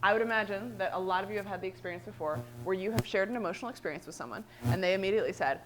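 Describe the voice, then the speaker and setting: A woman trainer presenting a workshop, lively and animated, often checking in with "right?". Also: medium pitch, very fast, hardly any pauses, a little hiss or hum.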